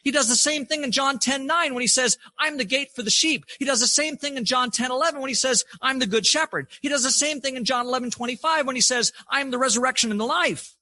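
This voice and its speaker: A man's voice: very high voice, fast talker, hardly any pauses, sharp tone, no room sound. A man preaching a sermon, emphatic and building his point through repeated phrases.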